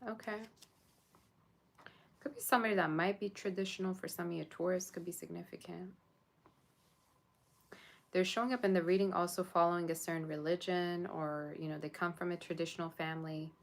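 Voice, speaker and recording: A woman's voice: lowish voice, gravelly. A woman doing a live tarot reading, chatting casually with her viewers. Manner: chatty, talks to viewers and chat. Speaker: tarot reader.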